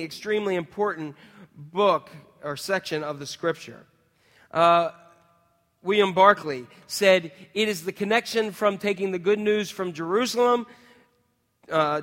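High-voiced pastor preaching in a reverberant hall. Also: male voice, fairly bright tone. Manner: conversational, with frequent restarts and fillers. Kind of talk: sermon.

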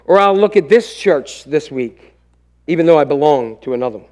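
A man's voice: on the high side, lively intonation, fairly quick, darkish tone. A middle-aged man preaching a sermon, telling a family story and acting out what each person said. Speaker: pastor.

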